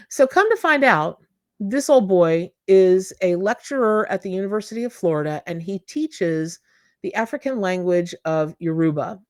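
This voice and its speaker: This tarot reader and channel host has a mid-range voice with lively intonation and an unhurried pace, captured in studio quality without room sound. Speaking straight to her viewers, she gives a casual spiritual talk, emphatic and repetitive, doubling words for emphasis.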